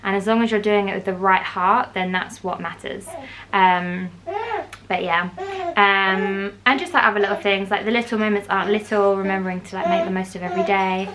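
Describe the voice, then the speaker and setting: A young woman chats casually into her phone, playful and quick to laugh. Her voice sits at an ordinary middle pitch. Street and traffic noise runs clearly behind her. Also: steady tone. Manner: chatty, playful, laughs often. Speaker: vlogger. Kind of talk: casual vlog chat. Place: outdoors on busy city streets and in a café. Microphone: phone camera.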